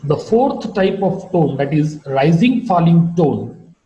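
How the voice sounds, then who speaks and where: Male lecturer, high and very lively pitch, unhurried classroom delivery, echoey room. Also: highs cut off. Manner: slow, deliberate teaching with wide pitch swings. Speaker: English phonetics lecturer. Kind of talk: recorded online lecture.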